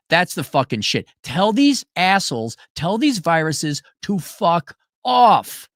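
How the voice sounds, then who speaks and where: A man's voice: on the high side, big pitch swings, a little slow, few pauses, fairly bright tone, dry recording, clean studio sound. A man delivering a profane, sarcastic ranting monologue, breaking into mocking voices. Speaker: commentator.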